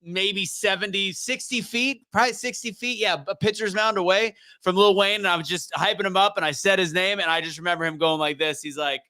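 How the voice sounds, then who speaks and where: A man's voice: sits high, fairly even intonation, fairly quick, few pauses, pushed and bright, no room sound. A man hosting a casual live-stream chat, rambling and teasing his co-host. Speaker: show host.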